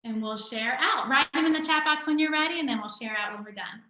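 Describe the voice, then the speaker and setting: A woman's voice: sits high, quick pace, bright, forceful tone, echoey room. A woman educator leading an online teaching workshop over a video call, explaining step by step in a patient way.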